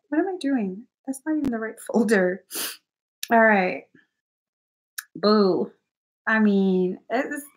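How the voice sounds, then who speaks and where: A woman's voice: a little high, a bit bright. A young woman chatting casually on a livestream as a spiritual energy reader, giggly and playful, swearing now and then.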